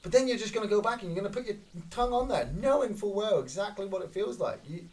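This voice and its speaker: A Scottish man streaming a shooter game and talking through it in loose, casual commentary. His voice sits a little high and leaps around constantly as he swears and whoops at every kill. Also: fast. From Scotland. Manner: excitable, swearing, reacting loudly to kills. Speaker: gaming streamer. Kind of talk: casual live gameplay commentary.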